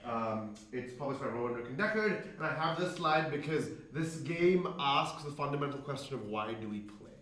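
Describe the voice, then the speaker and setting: A presenter addresses game masters at an event space, talking chattily, dropping "right?" after lines and acting out quotes. His medium-pitched voice is animated and a bit bright, at a normal pace with hardly any pauses. The echoey hall puts him far from the mic, with faint room noise.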